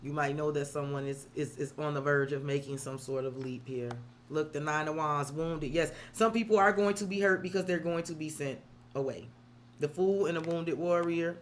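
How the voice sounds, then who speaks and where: A woman's voice: sits low, moderate pace, a little hiss or hum. Candid, swearing woman tarot reader. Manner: candid, emotional, swears freely; talks straight to viewers, calls them girl and sis. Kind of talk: live-stream tarot reading and chat.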